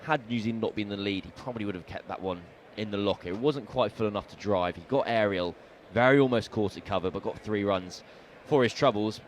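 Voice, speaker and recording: A man with a lowish voice co-commentates on cricket for the radio. He tells little stories and jokes around, sometimes tripping over words. A faint noise runs beneath him. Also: fast, hardly any pauses. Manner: playful storyteller, jokey, stumbles over names. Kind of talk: casual sports radio chat.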